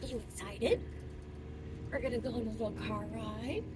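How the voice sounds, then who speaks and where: A woman's voice: fairly high pitch, normal speed. A woman talking baby talk to her pet bird inside a car, sing-song, coaxing and playful. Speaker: bird owner. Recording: noisy car interior, distant mic. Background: car engine and heater noise.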